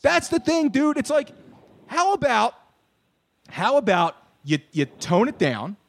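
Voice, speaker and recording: A young man, co-hosting a podcast and ranting animatedly, swearing and shouting his punchlines. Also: very high-pitched, very animated, a little slow, creaky. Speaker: podcast co-host. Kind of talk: casual ranting chat.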